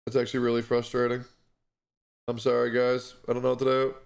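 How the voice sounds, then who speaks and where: A young man streaming live, distressed and stressed, talking in halting, repeated words with apologies and heavy swearing. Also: mid-range voice, completely flat delivery, creaky.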